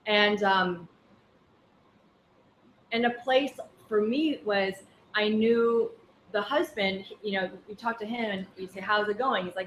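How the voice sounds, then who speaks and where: In a relaxed Buddhist class held in a classroom, a woman speaks unhurriedly at medium pitch, her tone a bit bright, sharing anecdotes packed with fillers. The echoey room carries faint ambience, plus a little hiss or hum.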